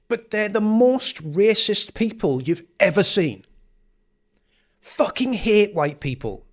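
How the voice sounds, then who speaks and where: A man's voice: high-pitched, lively intonation, slow pace. A man hosting a live stream, reacting to clips in casual, sarcastic commentary with frequent swearing.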